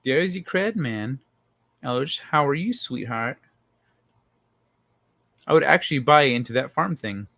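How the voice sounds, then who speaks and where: Lively, profane male livestream host. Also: mid-range voice, unhurried, vocal fry, pauses often, no room sound. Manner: loose, profane, joking with chat. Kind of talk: casual livestream chat reading viewer comments.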